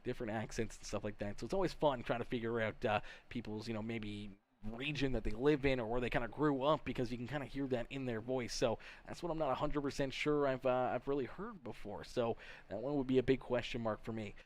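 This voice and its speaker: Upbeat Canadian race broadcast host. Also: male voice, medium pitch, a little fast. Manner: upbeat, folksy, chatty with viewers. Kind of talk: live sim racing broadcast commentary.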